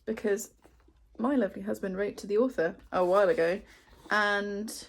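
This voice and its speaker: A woman's voice: medium pitch, moderate pace, a little hiss or hum. Chatty self-deprecating young woman. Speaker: booktuber. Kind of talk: casual chat to camera.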